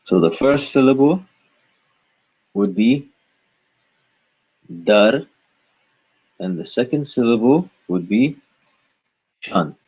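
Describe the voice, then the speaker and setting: Slow, husky male language teacher. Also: medium pitch, expressive, darkish tone, muffled recording. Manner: repeats words slowly and asks questions to guide the learner. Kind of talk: slow, patient pronunciation lesson.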